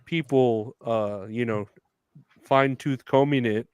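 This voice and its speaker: A man's voice: mid-range voice, slow, darkish tone, clear, resonant tone, dry recording, studio quality. A man chatting casually as a podcast co-host, laid-back and wry. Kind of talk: casual chat.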